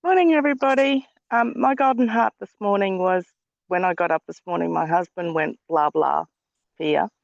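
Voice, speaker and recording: A woman's voice: mid-range voice, brisk, gravelly, no echo, highs cut off. A woman telling a short anecdote in an online class. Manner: chatty, tells a short anecdote. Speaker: class participant.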